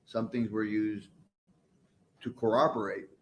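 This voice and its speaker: A man presiding over a trial, speaking sternly in halting, rambling sentences. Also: on the low side, fairly even intonation. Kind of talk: courtroom remarks. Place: courtroom. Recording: echoey room from far off.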